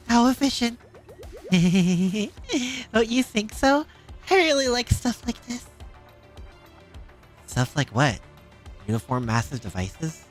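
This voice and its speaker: A woman's voice: mid-range voice, lightly acted. A woman voicing a shy, stammering engineer girl who is obsessed with machines, reading a game scene. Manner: stammering, nervous.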